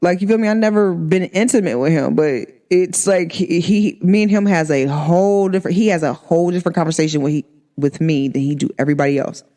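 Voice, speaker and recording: A woman's voice: on the low side, fast, mellow. A woman talking candidly to her viewers in a casual vlog chat, emphatic and full of slang. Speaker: vlogger.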